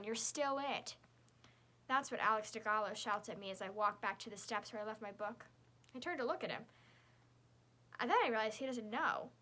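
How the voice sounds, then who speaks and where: A woman reads a children's chapter book aloud in the first person, telling it as the young girl herself. Her tone is bright and clear, sitting a little above the usual pitch, and her delivery stays lively and girlish. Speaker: audiobook narrator.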